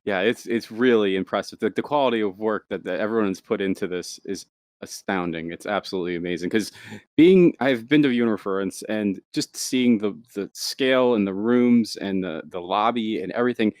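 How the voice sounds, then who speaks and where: Low-voiced man gushing as a host. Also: moderate pace, a little mellow, dry recording, clean studio sound. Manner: enthusiastic, repeats words. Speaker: event host. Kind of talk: casual live-stream talk.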